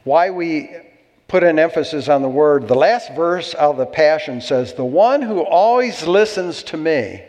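A man's voice: high-pitched, darkish tone, in a large hall. A man preaching a sermon as pastor, exhorting and calling for amens from the congregation.

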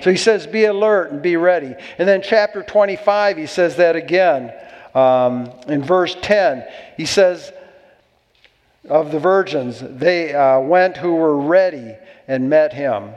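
A man's voice: a little high, unhurried, darkish tone, big-room sound, dull audio. A man preaching a sermon as pastor, exhorting and calling for amens from the congregation.

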